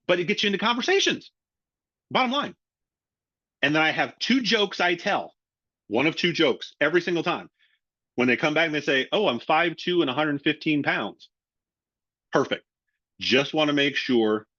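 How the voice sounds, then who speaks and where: Animated middle-aged man training salespeople. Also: on the high side, normal speed, long pauses, no echo. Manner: animated, acts out both sides of sales calls. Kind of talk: webinar training talk. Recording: dry, slightly dull lo-fi audio.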